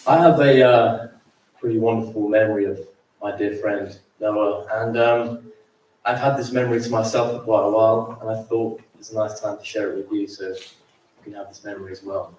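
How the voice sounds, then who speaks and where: A man giving a gentle, hesitant eulogy at a memorial, telling a personal story about his friend. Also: on the low side, fairly even intonation, normal speed. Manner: gentle, hesitant, with fillers and repeats. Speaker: memorial speaker. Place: large school dining hall. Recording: very echoey hall, mic far off.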